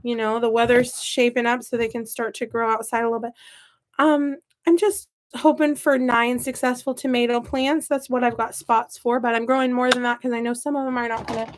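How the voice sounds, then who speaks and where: A young woman with a Midwestern accent talks her way through repotting seedlings, chatty and self-mocking as she drifts off topic. Her voice sits a touch higher than most women's, easy and unhurried. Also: steady tone. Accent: Midwestern American. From American Midwest. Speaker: gardening vlogger. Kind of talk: casual chat while working.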